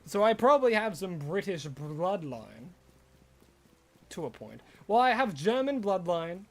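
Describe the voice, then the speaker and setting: A man with an Australian accent, a little American in it, hosts a live stream and answers chat questions one after another. His voice sits high and moves around a lot. He talks at an unhurried pace. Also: very animated. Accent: Australian with some American. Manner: chatty, answers viewer questions as they come.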